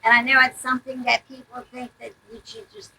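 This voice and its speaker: A woman's voice: high voice, animated, fairly quick, vocal fry, bright, forceful tone, slight background noise, rough recording. A woman, a book publisher, earnestly urging her audience to read the books. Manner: earnest, pleading appeals. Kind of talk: promotional talk addressed to an audience.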